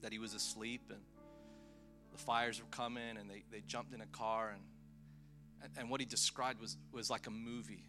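A man preaching a storytelling sermon to a live congregation, animated and excitable, with chatty asides. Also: on the low side, normal speed, over music. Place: live event before a congregation.

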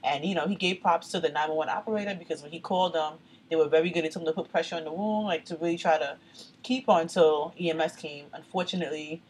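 A woman co-hosting a casual podcast chat, a lively storyteller who acts out what people said. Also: sits low, fast, a little hiss or hum, rough recording. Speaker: podcast co-host.

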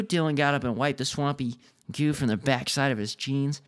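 A man's voice: mid-range voice, normal speed. A man reading a novel aloud, breaking off with amused, joking asides. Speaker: reader.

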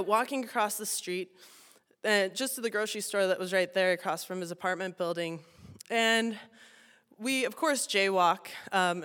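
A young woman tells a funny personal story in a bright, crisp voice, chatty and self-mocking, with frequent laughs and "you know"s. Her words ring out with a long hall reverb behind them. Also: medium pitch.

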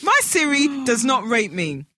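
A woman, co-hosting a podcast and telling a story in a casual, animated way with frequent laughter. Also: high-pitched, unhurried, slight background noise. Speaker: podcast co-host. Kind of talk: casual chat.

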